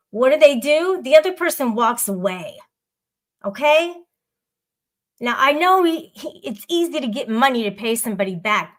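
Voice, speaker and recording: A blunt woman with a somewhat high voice hosts a live audio chat room. She rambles casually, swearing freely as she talks to her listeners.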